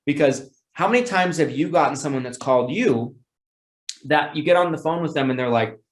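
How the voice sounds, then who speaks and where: A sales trainer with a fairly high-pitched male voice speaks at a moderate pace in an echoey room. He teaches sales calls casually and repetitively, acting out phone scripts in bright, excited, upbeat tones while repeating words and correcting himself.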